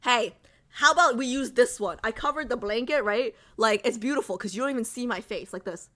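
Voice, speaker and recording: A woman's voice: on the high side, brisk, bright, forceful tone. A woman streamer in casual livestream chat, chatty and giggly, reading viewer comments aloud.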